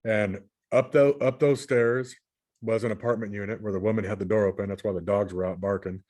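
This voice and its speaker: A channel host from California casually recounts his dreams while sharing his screen, rambling and often repeating or restarting his words. His voice is fairly low and darkish, with a steady tone and a brisk pace.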